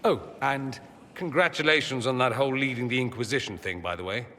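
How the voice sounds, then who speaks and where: A man's voice: mid-range voice, bright, forceful tone, big-room sound, a little hiss or hum. An actor playing a witty, sardonic male mage in a video game, teasing and dramatic in tone. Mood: wry. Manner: quick-witted, teasing, dramatic swings in tone.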